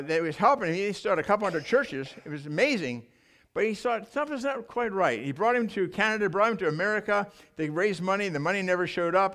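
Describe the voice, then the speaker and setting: An older man preaching in a church, telling mission stories in an animated, emotional way with frequent restarts. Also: high-pitched. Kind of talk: sermon storytelling.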